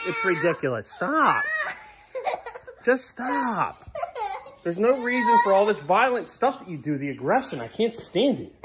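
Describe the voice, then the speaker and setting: Frustrated dad scolding his kid, lively pitch swings, background noise clearly audible. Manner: exasperated, scolding, loud and sharp at times. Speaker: father. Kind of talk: family home vlog.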